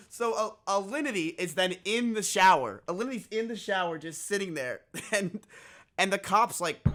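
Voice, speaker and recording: A young man on a stream tells a story in casual chat, his voice high-pitched and brisk. He's animated, swears freely, and acts out what people said.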